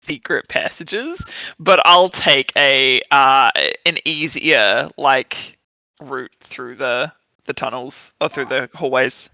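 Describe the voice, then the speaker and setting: Slow, hesitant player with the hiccups. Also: medium pitch, sharp tone, dry recording, highs cut off. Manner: hesitant, filler-heavy. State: has the hiccups. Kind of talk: casual tabletop game chat.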